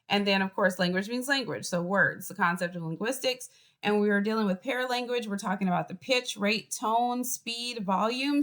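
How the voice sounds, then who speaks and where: A college professor with a Boston accent teaches a class over a video call. She explains things in a lively, chatty way and speaks at an ordinary pitch for a woman. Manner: lively, chatty teaching with acted example voices. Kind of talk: online class lecture.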